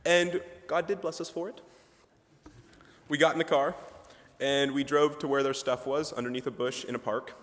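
A man's voice: a little high, fairly even intonation, normal speed, pauses often, a bit bright. A young man, a ministry student, giving a humorous, chatty chapel talk, full of asides and fillers. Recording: reverberant chapel hall.

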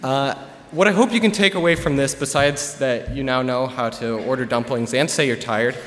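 A young man giving a relaxed, chatty presentation to a live audience, with plenty of filler words. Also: mid-range voice, moderate pace, slight background noise. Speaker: student presenter. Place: large hall with an audience. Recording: long hall reverb.

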